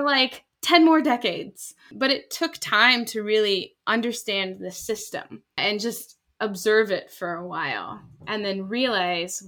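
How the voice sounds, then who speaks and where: A woman scientist in her thirties, explaining her research in lively casual conversation and acting out quoted voices. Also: a little high. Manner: animated, acts out quoted voices. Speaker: scientist guest.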